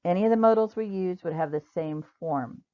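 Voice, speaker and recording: A woman teaching English grammar in a recorded online lesson, patiently spelling out example sentences slowly. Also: on the low side. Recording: dull lo-fi recording.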